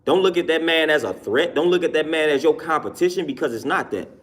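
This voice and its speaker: A man's voice: fairly high pitch, lively intonation, fast. A man hosting a livestream and talking casually to his viewers' comments, repeating his points twice with emphasis and laughing between them. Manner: repetitive, emphatic, says each point twice. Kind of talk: casual talk to a live chat.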